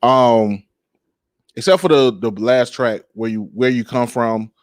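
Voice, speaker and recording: Laughing whenever he trips over his words, this music podcast host rambles in a relaxed way, stretching out his speech with many fillers. He speaks at a medium pitch with fairly even intonation. The studio-quality sound has no room sound.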